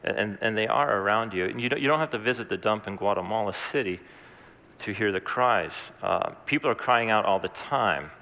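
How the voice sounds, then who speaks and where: A man's voice: fairly low pitch, moderate pace, creaky, bright, forceful tone, big-room sound. A man preaching a sermon as pastor, talking in a conversational, earnest way with asides and restarts.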